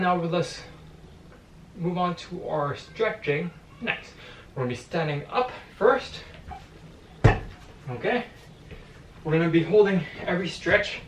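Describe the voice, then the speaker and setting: A man's voice: fairly high pitch, slight background noise. Echoey, distant coaching man counting reps. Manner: counts reps aloud, encouraging cues. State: a little out of breath. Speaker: boxing fitness coach. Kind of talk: home workout instruction. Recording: echoey room, mic at a distance.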